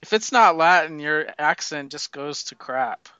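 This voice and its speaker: A man's voice: a little high, animated, measured pace, sharp tone, smooth, dull audio. A man in casual comic book chat, loose and profane, laughing often and stumbling over his words.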